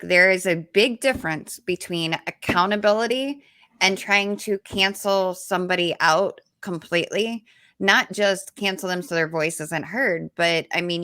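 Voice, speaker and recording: A woman co-hosts a casual talk in a fairly low, bright voice. She backs up the other speaker with quick agreements and pads her own points with loose fillers. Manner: agreeable, frequent affirmations, filler "like, you know". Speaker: co-host. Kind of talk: casual discussion.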